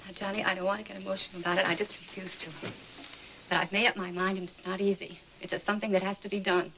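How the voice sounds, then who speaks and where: A woman's voice: medium pitch, level tone, fast, sharp tone, slight background noise, low-quality recording. An actress playing a weary young pregnant wife who holds back her feelings in restrained, clipped lines, in a 1950s film drama. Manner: restrained, clipped, then pleading.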